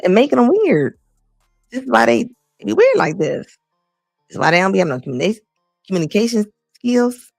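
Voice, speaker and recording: Blunt gravelly woman commentator. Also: medium pitch, no echo, clean studio sound. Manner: blunt, emphatic, repeats lines for effect. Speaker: commentary host. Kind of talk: casual reaction commentary.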